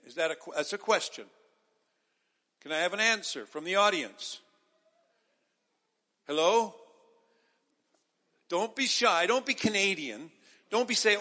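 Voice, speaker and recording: High, bright-voiced man preaching in a hall. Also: animated, measured pace, pauses often. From Israel. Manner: emphatic, calls out to the audience. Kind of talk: sermon.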